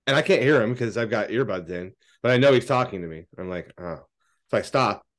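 A man co-hosting a podcast, chatting casually and telling stories, swearing freely and loudly acting out quoted lines. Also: on the low side, lively intonation, fairly quick. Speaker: podcast co-host. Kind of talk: casual chat, storytelling.

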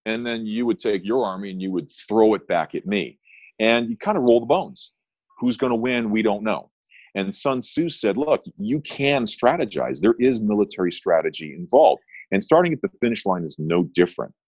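A man's voice: on the low side, expressive, moderate pace, darkish tone, no room sound, low-quality recording. A middle-aged man, an attorney talking as a guest in an interview, telling stories with emphatic, punchy repeated phrases. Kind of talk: interview storytelling.

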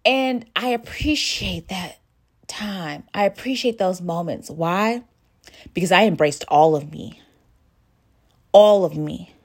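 A woman hosting a podcast, who talks straight to her listener in a warm, sisterly way and shares her feelings openly. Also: fairly low pitch, slow, long pauses. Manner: emotive, sisterly, addresses listener directly. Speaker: podcast host. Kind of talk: personal motivational monologue.

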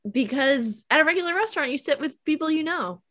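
A woman with a bright, clear voice joins a casual podcast chat. She lays out her reasoning earnestly, step by step. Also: high-pitched, expressive, fast.

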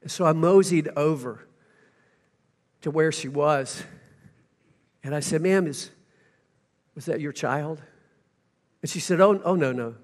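A man preaching a sermon to his congregation. He tells a story and then swings from hushed, slow passages to loud, emphatic ones. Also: on the high side. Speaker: pastor.

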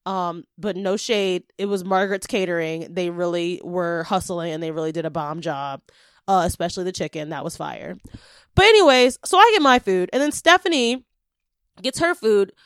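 A young woman hosting a podcast, casually telling an animated story and acting out the quotes. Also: normal speed, clean tone, no room sound, clean studio sound. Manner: animated, acts out quotes with big pitch jumps.

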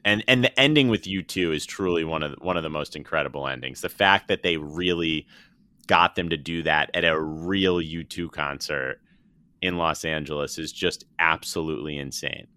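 Man, casual chat, bright tone, dry close sound. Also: very deep voice, moderate pace, smooth, dry recording. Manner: emphatic, enthusiastic praise. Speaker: podcast co-host.

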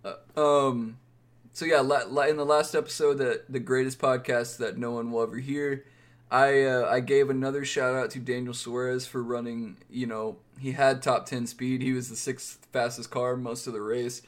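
A man's voice: medium pitch, little pitch movement, normal speed. Rambling man on a casual sports podcast. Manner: rambling, self-correcting, wry. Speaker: podcast co-host.

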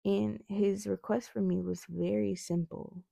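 A woman's voice: mid-range voice, little pitch movement, a little slow, vocal fry, warm tone, no echo. A young woman with retainers in her mouth giving an earnest devotional talk on prayer, often checking in with "right?". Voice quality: slight lisp from retainers. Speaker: faith vlogger.

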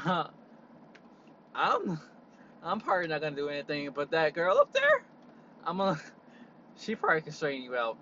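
A young man in a car, telling an exasperated, animated story as a casual vlog rant and leaning on "like" a lot. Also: fairly high pitch, normal speed, long pauses, lo-fi sound, a little hiss or hum. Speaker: vlogger.

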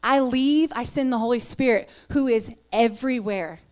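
A woman's voice: a little high, normal speed, clean tone. Earnest woman giving a sermon talk. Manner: earnest, animated storytelling. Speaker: women's ministry speaker.

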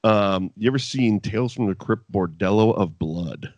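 A man's voice: lowish voice, normal speed, a little mellow, no echo. A man co-hosting a casual chat podcast reviewing wrestling, swearing freely and breaking into mock voices.

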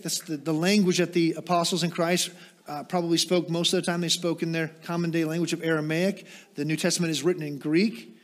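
A man preaching a sermon, asking rhetorical questions and moving into quiet, explanatory teaching with small self-deprecating asides. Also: fairly high pitch. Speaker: pastor.

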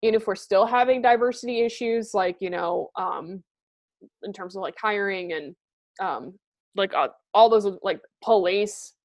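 A woman's voice: mid-range voice, moderate pace, darkish tone. Blunt, swearing young woman chatting. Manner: blunt, swears often, many fillers. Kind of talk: casual chat.

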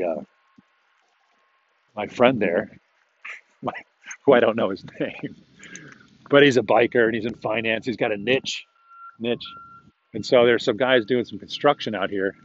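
A man's voice: lowish voice, a little hiss or hum. Rambling man on a muffled walking podcast. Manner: chatty and self-talking, chuckles often. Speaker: podcast host. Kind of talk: rambling casual monologue. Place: outdoors, walking a dog.

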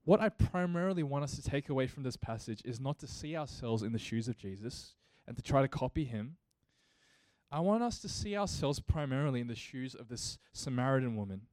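A man preaching with a mellow, warm tone in a dry, close sound. He speaks earnestly and builds his points into emphatic rhetorical questions, like a pastor in the pulpit. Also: medium pitch, lively intonation, fairly quick, no room sound. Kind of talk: sermon.

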